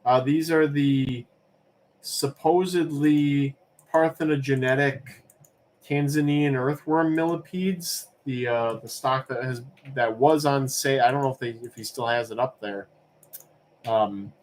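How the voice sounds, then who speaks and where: A man's voice: medium pitch, a little slow, darkish tone. A man with a mid-range voice hosts a live-streamed auction in a casual, rambling style. He wanders easily between answering viewers' questions and calling the lots, and a faint hum of noise sits under his voice. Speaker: livestream auction host.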